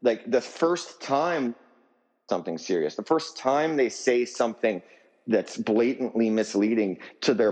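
A man's voice: mid-range voice, lively intonation, a little slow, a little mellow, in a large hall, poor audio. A man being interviewed as a musician guest, talking in a fired-up, profane, emphatic rant. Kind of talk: heated interview talk.

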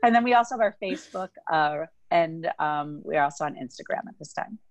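A woman, a talent agent guest in a remote interview, talking warmly with many restarts. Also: sits low, animated, no room sound. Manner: warm, effusive, halting restarts. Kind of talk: casual interview chat.

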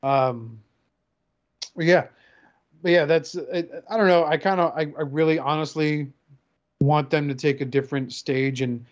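A man in casual podcast chat, profanely riffing and acting out quick voices. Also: on the high side. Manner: animated, profane, acts out voices. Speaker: podcast co-host. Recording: dull lo-fi sound.

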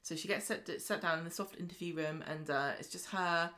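A British woman co-hosting a podcast, briskly retelling soap episodes and acting out the characters' lines in casual chat. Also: fairly low pitch, steady tone, bright, forceful tone. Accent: British English. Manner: brisk storytelling recap, acting out quotes. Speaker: podcast co-host.

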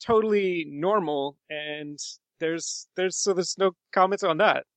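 A man's voice: high voice, unhurried, clean tone, no room sound. A man co-hosting a podcast, chatting casually about a film with lots of fillers and easy laughs. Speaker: podcast co-host.

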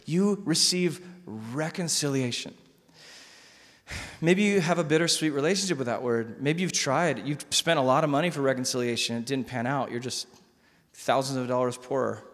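Animated preaching man in echoing hall. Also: mid-range voice, normal speed. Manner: conversational, animated preaching with repetitions. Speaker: pastor. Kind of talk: sermon. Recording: long hall reverb.

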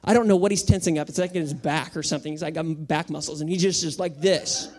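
A man in his thirties preaching a sermon as pastor, in a relaxed, conversational way full of everyday anecdotes. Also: fairly high pitch, quick pace.

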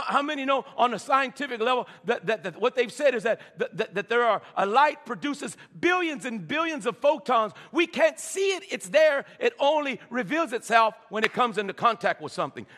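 A male pastor with a very high, expressive, sharp-toned voice preaches at a moderate pace with few pauses. He calls out to the congregation in call-and-response and stammers into repeated words as he builds. The church sanctuary recording is reverberant.

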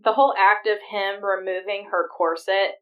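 A woman's voice: medium pitch, fairly even intonation, normal speed, distant mic, dull audio. Giggly young woman, a bit off-mic. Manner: giggly, explains behind-the-scenes details. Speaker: podcast co-host. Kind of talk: casual chat.

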